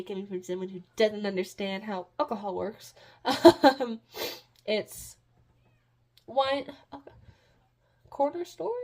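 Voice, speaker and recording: A woman's voice: fairly high pitch, darkish tone. A woman recapping a book in a casual, rambling way, with many fillers and giggles. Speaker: book reviewer.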